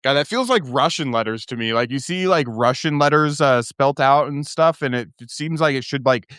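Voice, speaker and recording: A man's voice: mid-range voice, normal speed, a bit bright, clean tone, no room sound, studio quality. A man hosting his own live stream, ranting heatedly and profanely, with many restarts. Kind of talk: casual live-stream rant.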